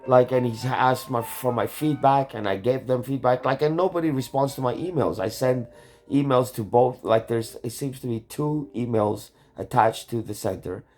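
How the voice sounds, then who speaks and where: A man's voice: medium pitch, normal speed, a little mellow, soft background music. Agitated man ranting and swearing. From Canada. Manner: agitated, swearing, rambling with many restarts. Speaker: YouTube channel host. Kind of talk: angry rambling vlog rant.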